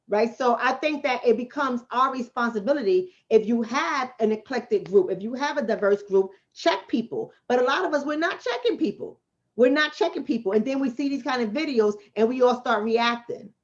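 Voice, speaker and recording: With lively intonation and a slightly high voice, a Bronx, New York City host and relationship coach answers her livestream chat at a moderate pace. She's casual yet blunt and streetwise, repeating points for emphasis, and the audio is dull.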